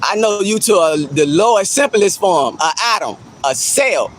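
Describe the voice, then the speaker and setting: A man's voice: high-pitched, animated, moderate pace, slight background noise, poor audio. A man livestreaming outdoors in casual chat, teasing and laughing at his viewers and repeating himself for effect.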